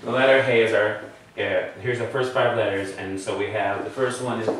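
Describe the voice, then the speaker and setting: This Hebrew teacher's voice is fairly low and a bit bright, with fairly even intonation and a moderate pace. He guides students patiently step by step, checking in with them, while the echoey room and distant mic add faint noise.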